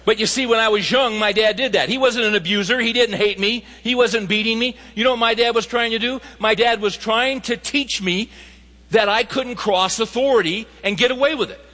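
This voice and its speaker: A man's voice: very high voice, brisk, sharp tone, big-room sound. A man preaching a sermon, reading scripture and telling stories with emphatic quoted dialogue.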